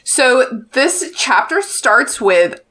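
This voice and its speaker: Congested, bright-voiced woman host. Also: high voice, big pitch swings, very slow. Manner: chatty, swears casually. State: congested from allergies. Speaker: podcast host. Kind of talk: casual chat.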